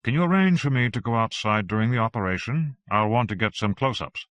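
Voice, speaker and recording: A man's voice: medium pitch, animated, fairly quick, fairly bright tone, no room sound, close to an everyday voice. An eager, insistent passenger who keeps pressing for what he wants, as a male audiobook narrator puts him on. He sounds a little plaintive as he pushes.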